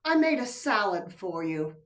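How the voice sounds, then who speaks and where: A woman's voice: medium pitch, big pitch swings, unhurried. An older woman playing a coy, soothing wife on a video call, sometimes dropping to a whisper. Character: coy, teasing unfaithful wife, middle-aged. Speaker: stage actor. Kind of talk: stage play reading over video call. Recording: voice a little far from the mic.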